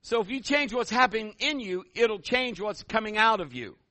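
A middle-aged man preaching a sermon as pastor, telling stories in an animated way and building to loud calls. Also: high-pitched, moderate pace, no echo.

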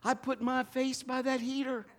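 A middle-aged man preaching a sermon in a church, telling stories and acting out the quotes in lively voices. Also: very high voice, moderate pace. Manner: animated storytelling with acted-out quotes. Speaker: pastor.

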